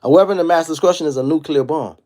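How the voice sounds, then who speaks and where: A man in his thirties hosting a casual livestream monologue, telling stories in an animated, profane street style. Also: a little high, quick pace. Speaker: livestream host.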